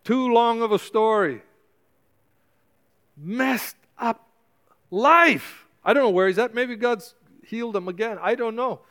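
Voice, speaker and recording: A man's voice: very high-pitched, slow, long pauses, fairly bright tone. A male pastor preaching a sermon with passion, urging and exhorting his congregation with repeated calls.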